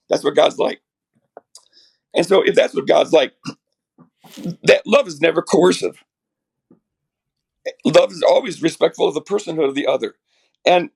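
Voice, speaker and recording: A middle-aged man with a raspy voice from a chest cold, earnestly explaining theology as a podcast guest, restarting his sentences often. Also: on the high side. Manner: earnest, builds ideas with many restarts.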